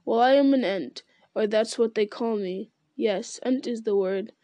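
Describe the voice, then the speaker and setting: A woman voicing an ancient, giant male tree creature who speaks slowly and solemnly, murmuring and humming as he thinks. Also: on the high side, warm tone, no echo, close to an everyday voice. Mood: ponderous. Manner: slow, deliberate, murmuring with hums.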